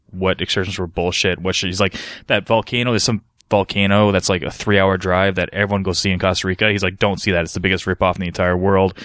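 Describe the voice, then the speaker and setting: A man's voice: on the low side, a bit bright, clear, resonant tone, dry recording, clean studio sound. A man from Canada, a podcast co-host, telling a rambling story in casual chat, swearing freely.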